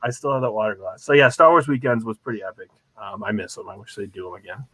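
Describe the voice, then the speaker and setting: A man's voice: fairly low pitch, quick pace, breathy edge, no room sound. Rambling man telling fan stories. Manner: rambling, many fillers, animated storytelling. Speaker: guest. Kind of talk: casual chat, anecdotes.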